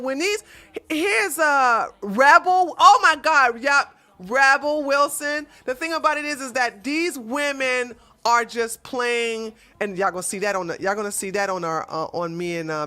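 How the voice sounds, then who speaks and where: A woman hosting a livestream, chatting in a blunt, animated, casual way. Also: medium pitch. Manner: blunt and animated, with frequent restarts. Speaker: livestream host. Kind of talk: casual opinionated chat.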